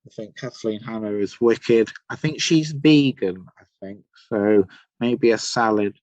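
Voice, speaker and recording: A man's voice: lowish voice, measured pace, darkish tone, dry recording, muffled recording. An English man from Somerset, a musician guest telling rambling, enthusiastic stories in a casual podcast chat. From Somerset, England. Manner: rambling, enthusiastic storytelling with many fillers.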